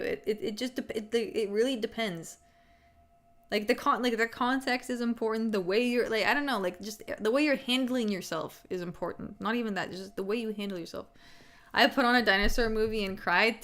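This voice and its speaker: A woman's voice: on the high side, a bit bright. A young adult woman hosting a live stream, chatting casually and candidly into a desk microphone, rambling with lots of "like", swearing and laughing often. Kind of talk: casual chat.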